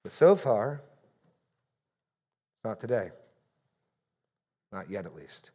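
A man's voice: on the low side, sing-song, slow pace, dark tone, slightly rough. A man preaching a sermon in church, reading scripture with rising emphasis on key phrases. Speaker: pastor.

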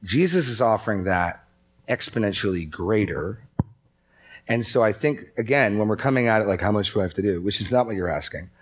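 A man's voice: fairly low pitch, expressive, fairly quick. A man preaching a sermon in a conversational way, telling stories and acting out quotes. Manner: conversational, storytelling with acted quotes. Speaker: pastor.

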